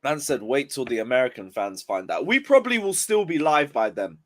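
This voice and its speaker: A man's voice: medium pitch, very animated, a little fast, fairly bright tone. A young man ranting on a casual football live stream, just woken up and yawning, swearing in frustration as he reads chat aloud. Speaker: football livestreamer.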